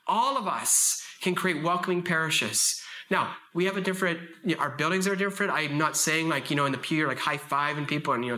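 Man in his thirties, conference speaker, bright tone, emphatic and passionate, storytelling delivery. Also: on the high side. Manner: impassioned, emphatic, storytelling with vivid voice shifts. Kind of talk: passionate talk at a faith conference.

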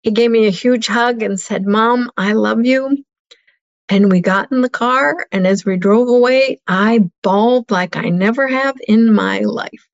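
A woman's voice: a little high, moderate pace, highs cut off. A middle-aged woman telling a painful personal story as an interview guest, earnest and heartfelt.

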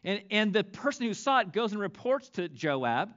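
Man preaching, pastor, lively swooping pitch, muffled lo-fi recording. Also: moderate pace. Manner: expressive preaching with dramatic scripture reading. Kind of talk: sermon.

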